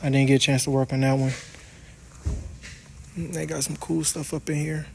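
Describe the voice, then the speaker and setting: Laid-back slangy young man, slightly high. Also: little pitch movement, moderate pace, gravelly, a little mellow, slight background noise. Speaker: vlogger, car wrap contractor. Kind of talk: casual vlog commentary. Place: indoor car wrap shop.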